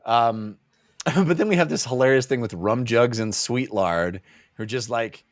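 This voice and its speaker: Recorded dry with clean studio sound, a medium-pitched male co-host speaks at a moderate pace on a laid-back book-club podcast. As he recaps, he performs the characters' lines in silly voices.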